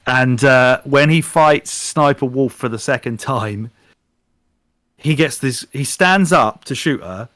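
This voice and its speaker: A man co-hosting a podcast in casual chat, animated and swearing freely while retelling things. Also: medium pitch, slow, no room sound, studio quality. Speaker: podcast co-host. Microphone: podcast microphone.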